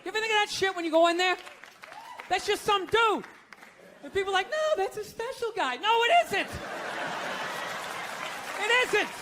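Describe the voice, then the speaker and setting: A man's voice: very high-pitched, moderate pace, pauses often, bright, forceful tone, a faint crowd, slight background noise. A male stand-up comedian on stage, ranting in a profane, incredulous way to a live audience. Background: audience laughter.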